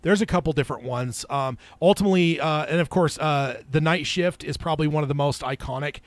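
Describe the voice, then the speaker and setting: A man co-hosting a casual podcast chat and reading out listener emails, relaxed, with lots of fillers and restarts. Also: fairly high pitch, fairly quick, no room sound. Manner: relaxed, many fillers and restarts, laughs often. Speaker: podcast co-host.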